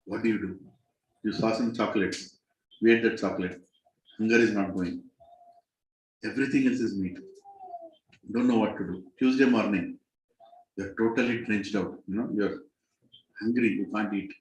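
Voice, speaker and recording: A man with an Indian English accent telling a dramatic story to a group as a spiritual teacher, his voice climbing high and loud at the tense moments. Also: steady tone, normal speed, long pauses, roomy sound, rough recording. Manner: dramatic, rises sharply in pitch and volume at tense moments.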